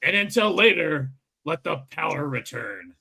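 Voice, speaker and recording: A man's voice: on the high side, sing-song, moderate pace, vocal fry, bright, forceful tone, rough recording. A man hosting a podcast, laughing along and wrapping up the episode. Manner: friendly, giggly, wraps up the show. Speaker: podcast host. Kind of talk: casual podcast chat and sign-off.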